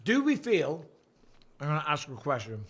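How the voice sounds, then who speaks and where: A man's voice: a little high, huge pitch swings, moderate pace, slight background noise. A man in his forties hosting a casual fight-night livestream, boisterous and jokey, swearing freely. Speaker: livestream host.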